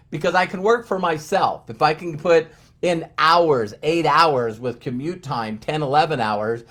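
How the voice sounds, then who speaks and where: A middle-aged man tells a story in a lively, fairly high voice that swings widely up and down. He trips over his words, repeating phrases as he builds toward his point in a storytelling talk. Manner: animated, stammering repetitions. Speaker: motivational speaker.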